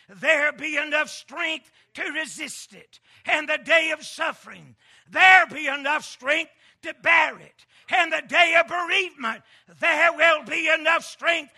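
A man's voice: very high-pitched, sharp tone. A man preaching a sermon in a rhythmic cadence, building into fervent refrains and chanting repeated phrases.

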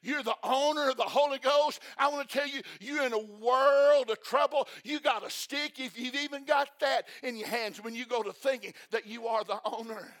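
A male preacher delivering an impassioned sermon, repeating phrases and breaking into shouts. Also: very high-pitched, moderate pace, hardly any pauses.

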